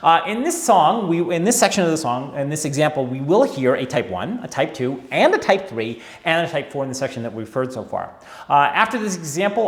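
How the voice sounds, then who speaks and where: A man teaching a dance lesson in a chatty, wry way, often checking in with his viewers. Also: on the high side. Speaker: tango teacher. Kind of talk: instructional video talk. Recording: echoey room.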